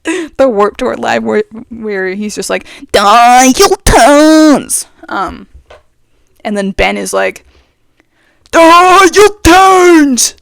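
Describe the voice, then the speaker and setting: A young adult trans man chatting casually as a vlogger, rambling and expressive, his voice going up and down, speaking very close to the mic. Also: high voice, vocal fry, no room sound. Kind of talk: casual chat.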